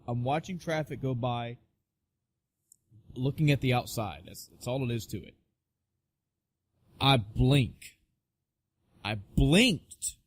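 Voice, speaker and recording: A man co-hosting a casual podcast, spinning a long anecdote. He swears freely and jumps into quoted voices as he goes. His pitch sits in a middling range for a man. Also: slow, pauses often, no room sound. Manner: profane, animated storyteller acting out quoted voices. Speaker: podcast co-host. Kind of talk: casual storytelling chat.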